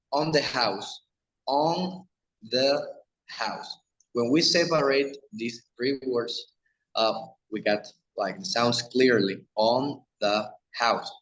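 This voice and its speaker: Halting man with a Spanish accent. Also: medium pitch, fairly bright tone, rough recording. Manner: halting, many restarts and fillers. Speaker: teacher. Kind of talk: recorded lecture on pronunciation.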